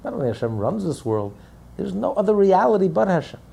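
A man preaching a Torah class in a gravelly, husky voice. His pitch rises and falls widely as he fires off rhetorical questions and acts out the people he quotes. His tone is dark and mellow. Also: sing-song, a little fast.

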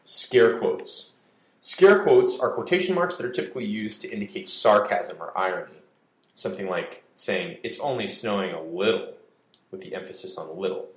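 A man with a lowish voice reads a scripted explainer as a podcast host, dry and a little mock-dramatic. The sound carries a noticeable room echo. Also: moderate pace. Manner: wry, mock-dramatic delivery. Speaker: podcast host for an editing service.

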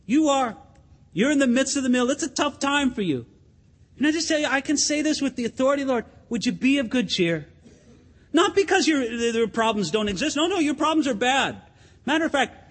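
A man's voice: extremely high pitch, big pitch swings, moderate pace, breathy edge. A pastor preaching a sermon in an earnest, emphatic way, addressing his listeners as friends in a church sanctuary. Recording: long hall reverb.

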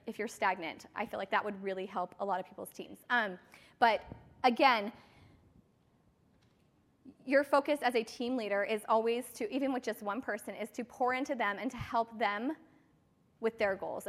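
Woman team leader, higher voice, casual and chatty motivational talk, reverberant hall sound. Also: a bit bright. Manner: chatty, filler-heavy storytelling. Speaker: team leader speaking to her sales team.

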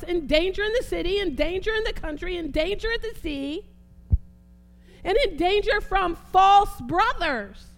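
A woman preaching a sermon, fervent, repeating phrases and swinging between soft and emphatic delivery. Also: very high-pitched, vocal fry.

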